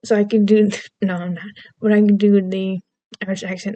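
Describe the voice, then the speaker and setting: A young woman rambles in a goofy, self-deprecating vlog chat that wanders from topic to topic. Her voice is mellow and soft-edged, at a middle pitch. She is recorded close up on a dry, unechoing mic. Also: little pitch movement, moderate pace, dry recording, dull audio. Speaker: vlogger.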